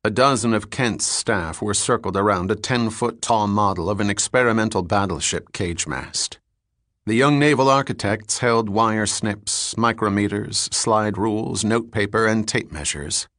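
A man reading an audiobook in a measured, even narration. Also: lowish voice, dry recording, clean studio sound. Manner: measured, even reading with terse character dialogue. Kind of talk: scripted narration.

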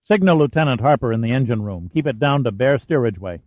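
A man's voice: mid-range voice, expressive, fast talker, no echo, dull audio, close to an everyday voice. A man voicing an authoritative male ship's commander who gives clipped orders. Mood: commanding.

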